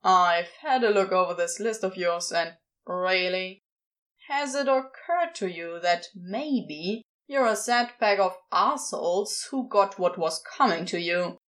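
A woman's voice: fairly low pitch, unhurried, a bit bright. A woman voicing an irritated, sarcastic male demon who scolds and mocks. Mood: scornful. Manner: exasperated, scolding.

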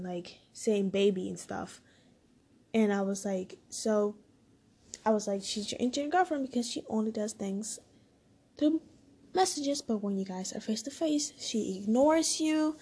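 Mellow, husky-voiced woman telling a story. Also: mid-range voice. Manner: rambling, full of "like" and "I was like" quotes. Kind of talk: casual storytime monologue.

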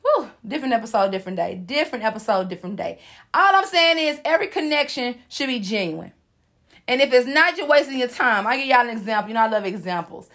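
A woman's voice: fairly high pitch, animated, fast, a bit bright. A young adult woman hosting a casual advice monologue, sassy and playful, preaching to her listeners in slangy everyday talk. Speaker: host giving life advice.

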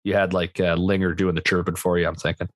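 A man's voice: low voice, level tone, quick pace, dry recording, clean studio sound. A man hosting a casual hockey podcast, telling stories loosely with plenty of fillers. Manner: laid-back storyteller, lots of fillers. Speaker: podcast host. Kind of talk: casual chat.

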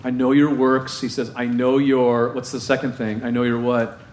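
A man's voice: mid-range voice, flat delivery, moderate pace, darkish tone, roomy sound. A man preaching a sermon as pastor, emphatic and repeating phrases for effect.

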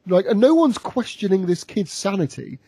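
A man's voice: high-pitched, sing-song, normal speed, warm tone, slightly rough, no echo. A man chatting casually on a podcast, rambling with lots of fillers and frequent laughter. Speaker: podcast host. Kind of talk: casual chat reviewing an episode.

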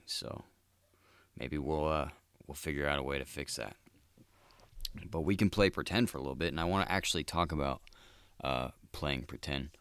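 Very deep-voiced crude male host. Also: a bit bright, smooth, no room sound. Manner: crude, laid-back, swears a lot and says "dude". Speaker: podcast host. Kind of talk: solo comedic monologue.

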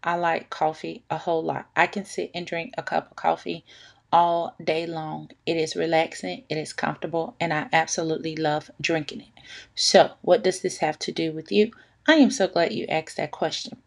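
A woman's voice: low-pitched, level tone, moderate pace, creaky, no room sound. A young woman, hosting a casual personal podcast, chatty and often laughing as she talks to her listeners. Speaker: podcast host.

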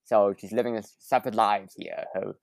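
A woman's voice: rumbling low, fairly even intonation, fairly quick, vocal fry, darkish tone, no echo. A woman podcast host in casual chat, recapping a movie's plot with lots of fillers and little laughs.

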